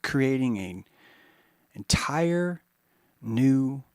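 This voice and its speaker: A man hosting a podcast, rambling in a monologue that swings from hushed musing to mocking put-on voices, with some swearing. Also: medium pitch, expressive, extremely slow, smooth, no echo, clean studio sound. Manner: profane. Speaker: podcast host.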